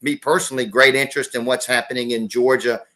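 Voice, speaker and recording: A middle-aged man from South Carolina, speaking as a guest on a political show. He talks in a folksy way, correcting himself and restarting often. His voice sits at an ordinary middle pitch. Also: little pitch movement, quick pace, fairly bright tone. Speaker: guest, former state legislator. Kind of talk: political interview.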